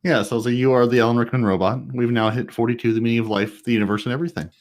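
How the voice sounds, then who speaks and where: A man's voice: medium pitch, fairly even intonation, rapid-fire. A man co-hosting a gaming podcast with dry, mock-disappointed humor. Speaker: podcast co-host. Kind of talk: casual gaming podcast chat.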